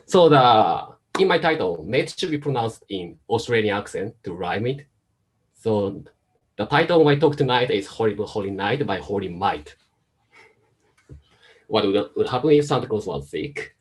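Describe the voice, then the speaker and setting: Low husky man with mixed accent. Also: lively intonation, normal speed, poor audio. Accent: mix of Chinese, Japanese and American. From Hong Kong. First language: Japanese. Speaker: invited speaker, pediatrician and virus researcher. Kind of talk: online presentation talk. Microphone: video call.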